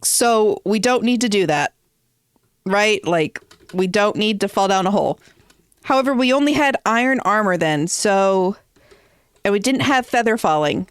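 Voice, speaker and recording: A woman's voice: medium pitch, animated, normal speed, clear, resonant tone, no echo, studio quality. A woman streamer chatting casually while playing, thinking aloud with hesitant ums. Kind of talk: casual gameplay stream chat.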